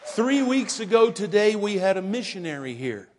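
An older man preaching as pastor, telling jokey stories in a folksy, unhurried way. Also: high-pitched, big pitch swings, a little mellow, some chatter behind. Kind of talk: sermon with casual storytelling. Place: church sanctuary. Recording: church hall with long reverb.

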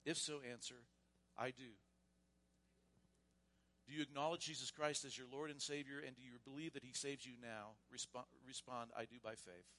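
A man serving as pastor, leading a church membership service in a loose, casual way and then reading vows and creed in a measured voice. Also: mid-range voice, steady tone. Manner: casual and warm, with frequent restarts; reads liturgy aloud in a measured voice. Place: church sanctuary.

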